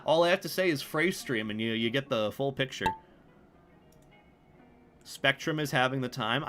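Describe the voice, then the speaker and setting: A young man chatting casually on a livestream, rambling and self-deprecating, with some swearing. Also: mid-range voice. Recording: music playing behind the voice.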